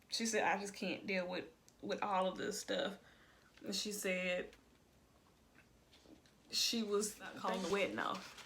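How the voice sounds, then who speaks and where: A woman's voice: mid-range voice, fairly bright tone. Chatty woman recapping reality TV. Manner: chatty, sassy, colloquial. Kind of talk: casual video review.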